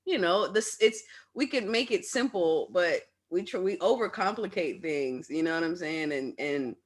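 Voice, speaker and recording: A woman guest on a casual podcast chat, expressive and blunt, laughing often. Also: lowish voice, moderate pace.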